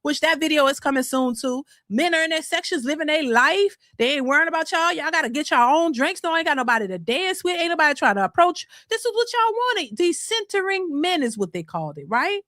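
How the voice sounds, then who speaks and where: A sassy woman hosting a reaction channel, ranting to her viewers with emphatic slang. Her voice sits high and bright. The sound is close and dry with no room echo. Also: big pitch swings, a little fast, hardly any pauses. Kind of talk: casual commentary to viewers.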